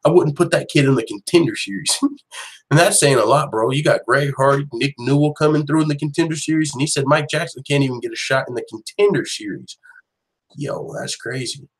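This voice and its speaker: A man hosting an online show, giving casual, profane, animated commentary full of quick restarts. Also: medium pitch, poor audio. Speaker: host of an MMA news channel.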